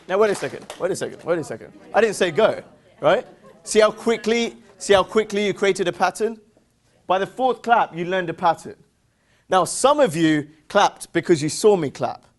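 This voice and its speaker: Male seminar presenter, English accent, high voice; upbeat, playful, works the crowd with call-and-response. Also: expressive, normal speed, slight background noise. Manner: playful, teasing jokes. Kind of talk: interactive motivational seminar talk.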